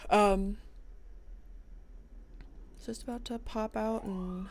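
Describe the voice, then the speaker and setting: Slow, gravelly-voiced woman streamer. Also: medium pitch, no echo. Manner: chatty, rambling, laughs often. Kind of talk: casual stream chat about a role-play character.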